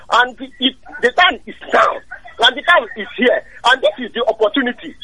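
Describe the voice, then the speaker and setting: A man's voice: extremely high pitch, pushed and bright, poor audio. A man, calling in to a radio broadcast, angry and heated, repeating himself and prodding listeners with questions. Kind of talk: impassioned call-in speech.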